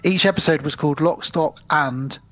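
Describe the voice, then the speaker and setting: A man's voice: a little high, normal speed, fairly bright tone, highs cut off. A man co-hosting a podcast, retelling film scenes at length in casual chat. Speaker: podcast co-host.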